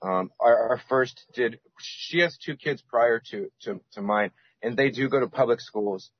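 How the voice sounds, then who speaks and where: A man's voice: mid-range voice, measured pace, slightly rough, dry recording. A man as a podcast guest, rambling with many restarts and fillers. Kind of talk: casual podcast interview. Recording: dull lo-fi sound.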